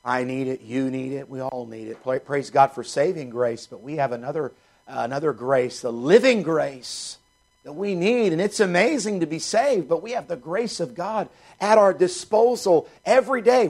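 A man's voice: a little high, moderate pace, darkish tone. A male pastor preaching a sermon, reading scripture and repeating points with rhetorical questions.

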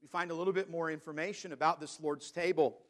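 A man preaching a sermon as pastor, reading scripture slowly and stressing key words. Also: fairly high pitch, fairly even intonation. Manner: preaching, reads scripture in King James wording, slows for emphasis.

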